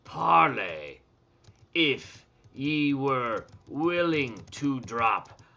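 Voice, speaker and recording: A man putting on a swaggering old-time pirate voice, drawing out his words slowly with growled yars, on dull lo-fi audio with faint music behind. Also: mid-range voice, very animated, gravelly, pushed and bright, heavily acted. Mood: mock-gallant. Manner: slow drawn-out dictation, growled yars.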